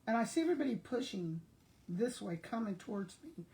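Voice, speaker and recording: A woman's voice: a little high, sing-song, a little fast, warm tone. An older woman from South Texas, a retired school principal, chatting casually and telling everyday stories straight to her viewers. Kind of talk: casual chat.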